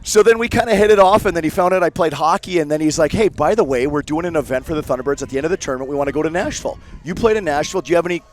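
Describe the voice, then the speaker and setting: A man's voice: a little high, a little hiss or hum. A Canadian man, a former hockey player, telling stories in casual chat and acting out the voices of the people he quotes. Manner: rapid animated storyteller acting out quotes. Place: suite at a golf tournament.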